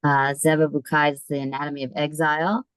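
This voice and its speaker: A woman's voice: sits low, little pitch movement, fairly quick, fairly bright tone, clear, resonant tone, no room sound. A middle-aged woman from the United States hosts an online book event, speaking hesitantly with many ums and restarts over a video call. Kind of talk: casual video call announcements.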